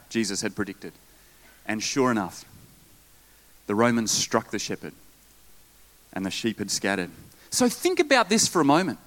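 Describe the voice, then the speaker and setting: Lively, animated male preacher. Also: on the low side, moderate pace, long pauses. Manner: lively preaching with asides and jokes. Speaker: pastor. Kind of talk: sermon.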